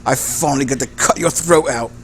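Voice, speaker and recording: A man's voice: medium pitch, brisk, a little hiss or hum, close to an everyday voice. A man playing a vengeful one-eyed gang boss. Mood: menacing. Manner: snarling threats.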